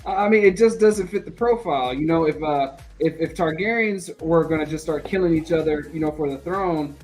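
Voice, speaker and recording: A man's voice: fairly high pitch, normal speed, darkish tone, soft background music, low-quality recording. A man co-hosting a podcast, chatting casually and arguing his theories, often adding "man". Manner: casual, argumentative, says "man" a lot. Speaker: podcast co-host. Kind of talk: casual chat.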